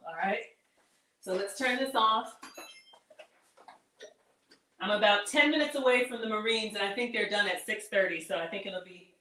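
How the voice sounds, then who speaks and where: A woman's voice: medium pitch, fairly bright tone, a little hiss or hum. A woman chatting casually while hosting a live cooking stream, reading viewer comments aloud and laughing often. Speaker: livestream cooking host.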